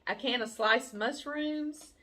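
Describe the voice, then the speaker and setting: A woman's voice: a little high, takes it slowly, pushed and bright. A middle-aged woman, hosting a cooking channel and chatting casually as she opens fan mail, gushing and laughing often.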